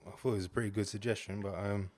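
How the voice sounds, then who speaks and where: A man's voice: fairly low pitch, steady tone, very fast, a little mellow, no echo. A man co-hosting a casual podcast, laid-back and drily teasing. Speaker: podcast co-host.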